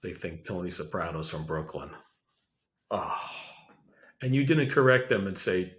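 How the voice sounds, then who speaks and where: A podcast co-host, a man with a New Jersey accent, telling stories in a casual, chuckling way. His voice sits low. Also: lively intonation, a little slow, a bit bright. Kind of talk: casual chat.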